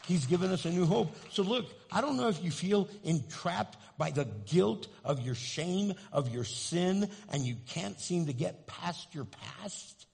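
A man's voice: high-pitched, animated, measured pace, vocal fry, few pauses, a little mellow, husky. A man preaching as pastor, talking plainly to the congregation and rising into fervent calls to pray. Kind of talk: sermon. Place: church sanctuary. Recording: long reverb in a large sanctuary.

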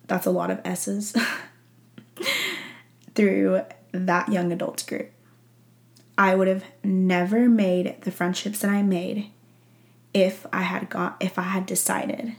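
A young woman podcast host telling a personal story in casual chat, talking warmly, laughing often and filling her talk with "like.". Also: medium pitch. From Texas. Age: young adult. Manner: chatty, emotional, laughs often, many "like" fillers. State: teary-eyed. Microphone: audio-only recording.

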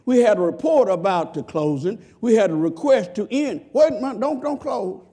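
At a moderate pace and with a breathy edge, this preacher delivers an animated, folksy, emphatic sermon. His volume swings from shouting to low murmurs, and he voices the people he quotes in a high pitch.

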